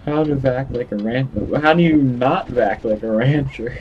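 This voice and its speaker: A young man with a mid-range voice hosts a casual gameplay video at a moderate pace, giggling often and stammering over his words in a playful way. The lo-fi recording carries slight background noise.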